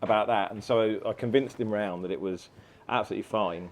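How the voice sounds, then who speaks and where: A man's voice: on the low side, fairly quick. A man speaking as a guest on a podcast, in jokey, irreverent casual chat. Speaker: podcast guest, film director.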